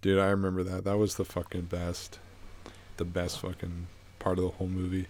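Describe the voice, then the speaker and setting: A man's voice: sits low, completely flat delivery, brisk, a little mellow. A young man co-hosting a podcast, telling movie stories in casual chat, swearing and laughing often. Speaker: podcast co-host.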